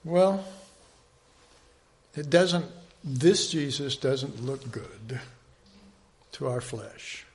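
A man teaching an informal Bible study, rambling and conversational, with many restarts, often dropping to a soft, earnest hush. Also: mid-range voice, lively intonation, drawn-out words, pauses often.

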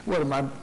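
A man preaching a sermon, dramatic and impassioned, swinging from soft asides to loud shouts. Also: fairly high pitch, slight background noise, rough recording.

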